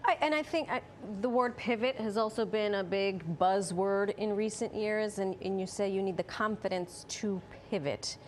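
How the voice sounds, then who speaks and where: A woman hosting a TV interview, chatting casually and backing up her guest with quick agreement. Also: mid-range voice, a little hiss or hum. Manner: conversational, quick asides with lots of agreement. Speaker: TV host. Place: TV studio.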